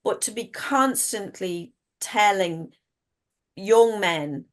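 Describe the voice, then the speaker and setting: A woman's voice: medium pitch, slow. A middle-aged woman, a guest author telling stories frankly in casual chat and swearing freely. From Ireland.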